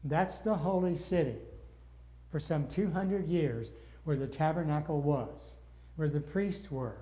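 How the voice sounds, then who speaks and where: Older male Bible study teacher, mellow and slightly high voice, earnest, gets wound up. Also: unhurried. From northern United States.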